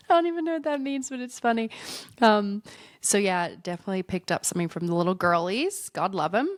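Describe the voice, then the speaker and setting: A woman hosts her podcast alone with a husky, congested voice. Her tone sits low and gravelly with some fry. She talks in a loose, rambling, self-mocking way, and the recording is dry and close. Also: no room sound. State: congested with a head cold. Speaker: podcast host. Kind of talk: casual solo podcast chat.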